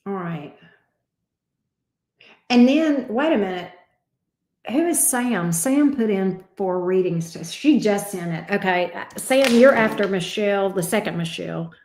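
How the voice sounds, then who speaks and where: Slow-talking affectionate woman tarot reader. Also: mid-range voice, expressive, darkish tone, roomy sound. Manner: affectionate, calls viewers babe and sweetie; casual and salty, swears lightly. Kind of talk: livestream tarot readings for viewers.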